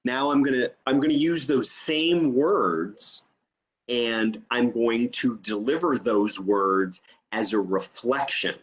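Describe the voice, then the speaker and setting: A man's voice: medium pitch, slow. A man teaching an online training session over a video call, explaining step by step and checking in with "okay?".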